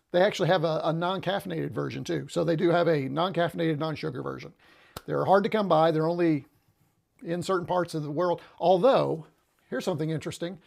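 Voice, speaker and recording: A man hosting a relaxed livestream, chatting to viewers in a rambling, easygoing way and often pausing on "uh". His voice sits a little high and carries a gravelly edge. He sounds slightly out of breath, and he is picked up close on a small lapel mic. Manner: chatty, rambling, with frequent "uh" and restarts. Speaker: livestream host. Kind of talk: casual livestream chat.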